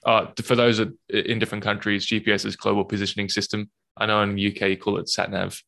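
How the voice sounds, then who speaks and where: A man's voice: on the low side, level tone, fast talker, creaky, bright, forceful tone. A man hosting a casual chat, joking and laughing often. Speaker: podcast host.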